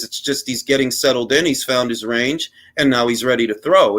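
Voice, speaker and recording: A man's voice: mid-range voice, a bit bright. A man hosting a live boxing talk stream, ranting in a heated, profane, mocking way, with street slang and bits of Spanish. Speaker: boxing livestream host. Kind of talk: casual livestream rant.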